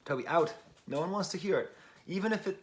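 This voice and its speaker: An American man with a high voice talks fast as he hosts his own casual album review. He muses aloud, wanders off on tangents, and hunts for the right words.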